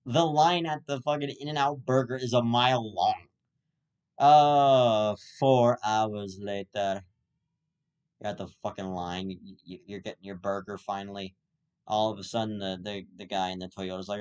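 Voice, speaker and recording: A man's voice: fairly low pitch, fairly even intonation, a little slow, darkish tone, clean tone, dull audio. A young man hosting his own show, ranting in a rambling comedic monologue that is full of stammers and swearing. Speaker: host.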